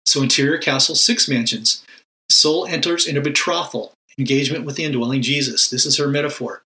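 A man's voice: medium pitch, a little fast, sharp tone, rough recording. A man giving a casual, emphatic talk on prayer, often repeating words and asking rhetorical questions. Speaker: Christian teacher on prayer. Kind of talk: casual spoken teaching.

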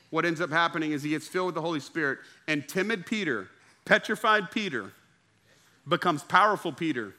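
A young man preaches a sermon from the pulpit, emphatic and calling out to the congregation. His voice sits high for a man and rings very bright and sharp. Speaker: pastor.

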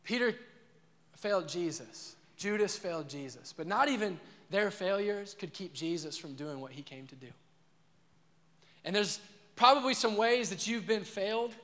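A man's voice: high-pitched, lively intonation, normal speed, a bit bright, long reverb tail. A man preaching a sermon as pastor, earnest and repetitive, asking the crowd questions.

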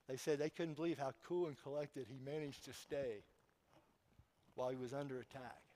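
A man's voice: mid-range voice, a little mellow. A man preaching a sermon to his congregation, telling a story and putting questions to his listeners. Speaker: pastor.

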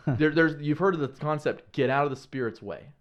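A man who is a podcast guest, telling stories in an earnest, animated way, with casual slang and frequent restarts. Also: a little high, brisk, dull audio. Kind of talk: casual conversational storytelling.

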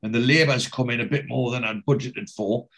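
Man playing a blunt businessman, fretful, quick, middle pitch. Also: steady tone, fairly bright tone, close to an everyday voice. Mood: worried.

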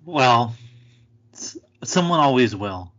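Bright-voiced man, lo-fi podcast sound. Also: mid-range voice, lively intonation, slow. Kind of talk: casual podcast chat.

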